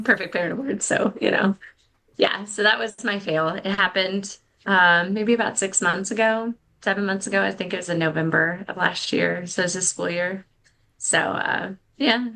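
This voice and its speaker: A woman's voice: lowish voice, vocal fry, pushed and bright. A middle-aged woman telling a candid, self-deprecating story as a podcast guest, with many fillers and restarts. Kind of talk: casual storytelling.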